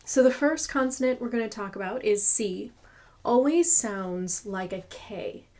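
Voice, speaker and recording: A woman teaching pronunciation, repeating each sound slowly to demonstrate it. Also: a little high, expressive, darkish tone. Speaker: language teacher. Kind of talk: slow pronunciation lesson.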